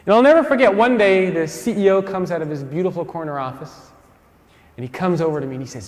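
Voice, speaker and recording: Lively male keynote speaker in a hall. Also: high-pitched, fast talker. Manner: lively storytelling with acted-out quotes. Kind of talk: conference keynote talk. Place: large conference hall.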